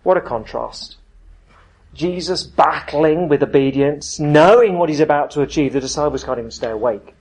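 A man preaching a sermon in a conversational, emphatic way, dropping to soft, earnest tones. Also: on the high side, moderate pace, husky, poor audio.

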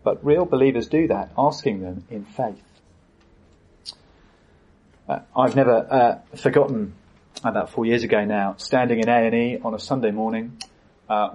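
A man preaches a sermon from the pulpit, earnest and unhurried. His voice is husky and slightly breathy, and his speech halts often on little fillers as he gathers his thoughts. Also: fairly low pitch, a little mellow, lo-fi sound. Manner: earnest, halting with frequent fillers. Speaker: pastor.

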